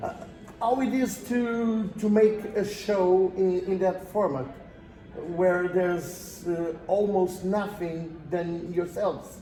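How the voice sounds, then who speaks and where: A man with a Portuguese accent interviewing a musician in English, speaking slowly and searching for words with many pauses. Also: sits high, fairly even intonation, dark tone, faint music behind. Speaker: journalist interviewer. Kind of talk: interview questions. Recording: echoey room.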